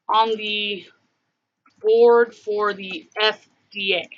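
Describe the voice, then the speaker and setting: A woman's voice: mid-range voice, fairly even intonation, very slow, muffled recording. A woman hosting a casual livestream, rambling and thinking aloud with many fillers. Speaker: livestream host.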